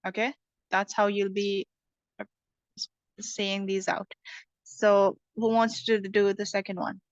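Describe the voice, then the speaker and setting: A woman's voice: mid-range voice, little pitch movement, measured pace, no room sound. Patient woman teacher on a muffled call. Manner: patient, explanatory, frequent "okay" checks. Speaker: English teacher. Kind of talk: online class teaching intonation.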